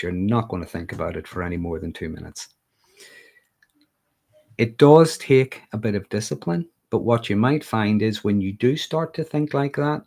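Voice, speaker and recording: A man with a Northern Irish accent and a fairly low voice talks casually to a livestream audience. He keeps a conversational flow and checks in with a quick "okay?" as he goes. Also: darkish tone. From Northern Ireland. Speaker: mental health livestreamer.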